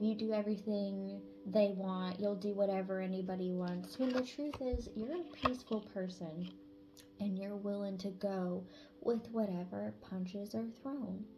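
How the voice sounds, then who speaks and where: A woman's voice: mid-range voice, background noise. A woman reading tarot messages in a casual, chatty way, swearing freely and sometimes dropping to a whisper. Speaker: tarot reader.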